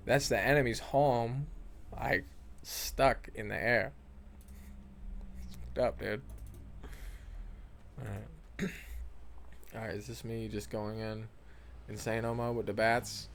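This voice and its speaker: A man's voice: on the low side, vocal fry, a little hiss or hum. A young man who rambles and swears a lot, talking casually over gameplay footage and trailing off often. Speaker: gaming vlogger.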